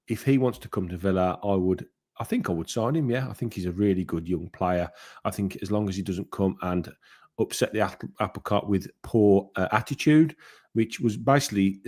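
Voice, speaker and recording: A man hosting his own football fan channel, giving his opinions in a casual, rambling monologue. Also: deep voice. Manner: conversational, rambling with fillers and restarts.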